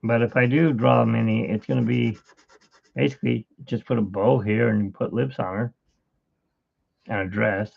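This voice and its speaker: A man's voice: mid-range voice, steady tone, normal speed, creaky, pauses often, husky. A middle-aged man hosting a live drawing stream, chatting in a rambling, storytelling way, in tinny phone-like livestream audio. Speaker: art livestream host. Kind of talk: casual live drawing chat.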